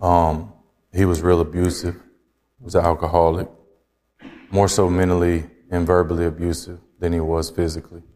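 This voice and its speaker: A man from Georgia, slowly and reflectively telling his life story as an interview guest. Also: sits low, flat delivery, dark tone, in a large hall. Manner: slow, reflective, halting. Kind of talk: personal testimony in conversation.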